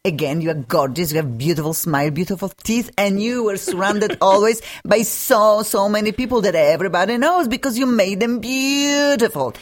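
A woman's voice: mid-range voice, normal speed, few pauses. A woman hosting a radio talk show, gushing and laughing often as she chats with guests in the studio.

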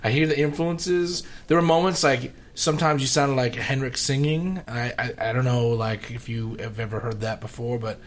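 A male host chatting enthusiastically and quickly with a musician guest. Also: medium pitch. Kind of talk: casual chat.

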